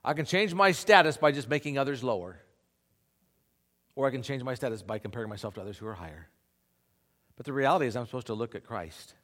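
Male pastor, middle pitch, lively delivery; earnest, plain-spoken sermon style. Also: fast talker, long pauses. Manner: earnest conversational preaching, checks in with "okay?".

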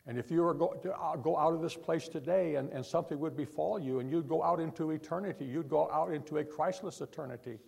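A man preaching a sermon to a congregation, pleading and emphatic, pushing hard before dropping low. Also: quick pace, vocal fry, hardly any pauses, darkish tone, breathy edge.

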